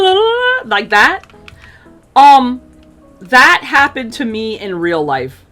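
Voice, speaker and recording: A woman chatting casually as she tells a personal story, full of fillers, acting out quotes in an animated way. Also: medium pitch. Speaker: streamer telling a personal story.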